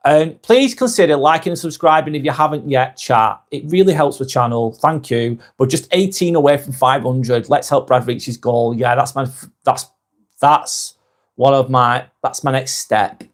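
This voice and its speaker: Reading out viewer comments during his live vlog, a man chats casually, with lots of "um"s and fast apologies. He speaks at a medium pitch.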